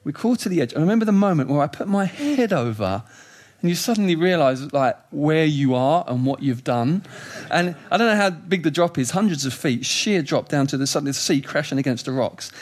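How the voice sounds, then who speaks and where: A middle-aged man preaching a sermon, emphatic and animated, moving between quiet reflection and raised urgency. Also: a little high, a little fast.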